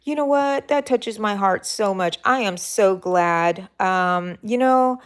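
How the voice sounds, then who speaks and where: A woman's voice: medium pitch, slow pace, few pauses, clear, resonant tone. A woman hosting a live crochet stream, chatting casually and answering viewers' comments in rambling, self-interrupting asides. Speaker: crochet channel host.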